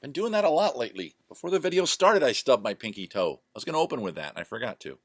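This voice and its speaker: A male vlogger chats casually to camera at home on his laptop mic, rambling, joking at his own expense, and wandering into digressions. His medium-pitched voice is very animated and fast, and the sound is studio quality with no echo.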